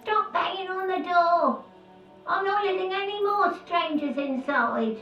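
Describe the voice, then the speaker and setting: A woman voicing a scolding old woman shouting through a door in a video game. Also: very high voice, a little slow, echoey room, muffled recording, soft background music. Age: older. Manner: scolding, mocking. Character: cackling old woman behind a locked door.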